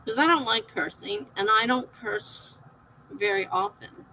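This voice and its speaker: A woman's voice: on the high side, expressive, measured pace, sharp tone, a little hiss or hum, low-quality recording. A middle-aged woman hosting a live stream, chatting casually with viewers, laughing often and reading out their comments.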